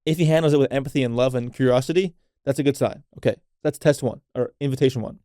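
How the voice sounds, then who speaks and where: A man hosts a solo podcast in a mellow, relaxed voice at an ordinary pitch, recorded dry and close. He talks in a loose, unfiltered way, swears casually and keeps checking in with "right?" as he coaches his listeners. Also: fast, no echo. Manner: unfiltered, swears freely, frequent "right?" tags; coaching tone addressed to women listeners. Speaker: podcast host.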